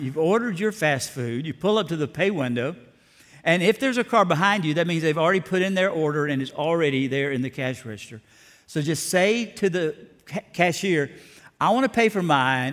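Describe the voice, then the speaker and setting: A man's voice: fairly high pitch, a bit bright. A man preaching a sermon as pastor, telling stories in a folksy, down-to-earth way. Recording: long hall reverb.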